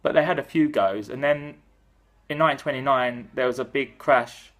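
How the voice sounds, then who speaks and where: A man's voice: medium pitch, normal speed, fairly bright tone. A British man gives a loose, offhand account of history in casual talk. He is irreverent and sweary, with plenty of fillers. The tone stays sloppy and comic. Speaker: vlogger explaining history.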